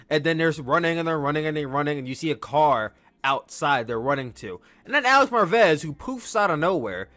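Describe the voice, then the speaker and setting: Excitable male podcast host, casual rambling recap, higher pitch, bright edge. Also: brisk. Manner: excitable, rambling, acts out quotes.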